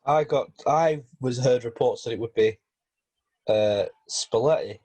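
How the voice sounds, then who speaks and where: A man's voice: mid-range voice, unhurried, a little mellow. A man co-hosting a casual football podcast, hesitant with many fillers and restarts. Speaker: podcast host.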